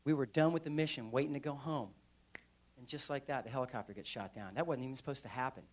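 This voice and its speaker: A veteran man giving a live storytelling speech at a conference, animated and acting out scenes with sound effects. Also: medium pitch, quick pace. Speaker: veteran speaker. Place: conference stage.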